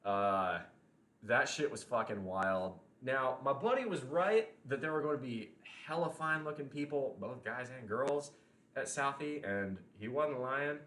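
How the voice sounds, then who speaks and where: Young male livestream host, loose and rambling, mid pitch, roomy sound. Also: measured pace, sharp tone. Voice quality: rambling, chatty, with frequent restarts and casual swearing. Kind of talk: casual livestream chat, reading chat messages. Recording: roomy echo.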